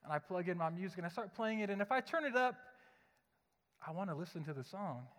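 A man's voice: high-pitched, expressive, quick pace, a bit bright. A young adult man, a pastor, preaching a sermon in a conversational, joking, storytelling manner. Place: church sanctuary. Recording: long hall reverb.

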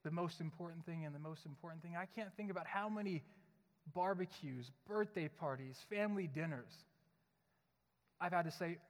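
A man's voice: a little high, normal speed. A young adult man, a pastor, preaching a sermon in a conversational, joking, storytelling manner. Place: church sanctuary. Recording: long hall reverb.

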